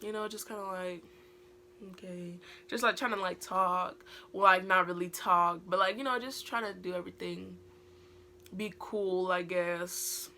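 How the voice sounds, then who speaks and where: Bright-voiced British teen girl. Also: fairly low pitch, fairly even intonation, a little slow, a little hiss or hum. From Britain. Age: teens. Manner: rambling, heavy use of filler words. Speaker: vlogger. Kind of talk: casual storytime vlog.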